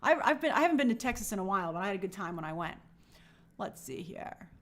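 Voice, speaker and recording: A woman's voice: mid-range voice, very animated, fast talker, a bit bright. A woman hosting a live stream, chatting casually and greeting viewers by name in an upbeat, friendly way.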